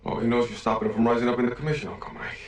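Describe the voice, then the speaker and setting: An actor playing a brash, hot-headed young mobster who talks tough and pushy, in a film drama. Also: male voice, mid-range voice, steady tone, rapid-fire, close to an everyday voice. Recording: roomy film soundtrack with faint score.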